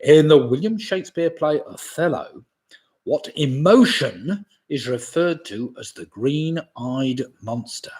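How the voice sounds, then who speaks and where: A man in his sixties runs a home quiz stream with a bouncy, up-and-down delivery. He reads each question slowly and deliberately, then repeats it. Between questions he drifts into relaxed, chuckling asides. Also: a little high. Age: 60s. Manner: chatty, chuckles often, asides about beer. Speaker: pub quiz host. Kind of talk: live-streamed quiz, casual chat.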